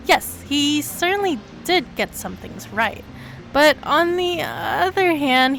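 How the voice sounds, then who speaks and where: A woman streamer reading a visual novel aloud, with sudden excited leaps in her voice. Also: a little hiss or hum. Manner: animated reading with sudden high excited jumps.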